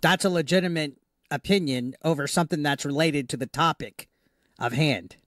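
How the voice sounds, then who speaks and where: A man's voice: on the high side, moderate pace, fairly bright tone, dry recording, clean studio sound. A man who makes gaming videos, defending himself point by point in an argumentative tone.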